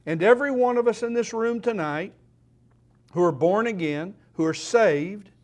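A man preaching a sermon in church, slow and emphatic, repeating key phrases for weight. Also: high voice, darkish tone.

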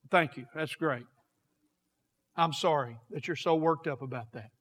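A man preaching a sermon, swinging from quiet, slow passages to raised, shouted ones. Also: fairly high pitch. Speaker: pastor. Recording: long hall reverb.

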